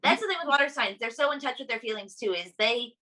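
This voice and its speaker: Bright, chatty woman co-host. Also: on the high side, lively intonation, fast. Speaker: podcast co-host. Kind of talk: casual chat about astrology.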